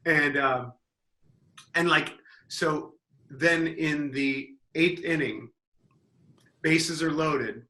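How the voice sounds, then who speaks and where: A man's voice: fairly high pitch, very slow, long pauses, reverberant. A man on a comedy podcast panel telling a rambling story full of restarts. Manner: rambling, with many restarts and loud mocking impressions.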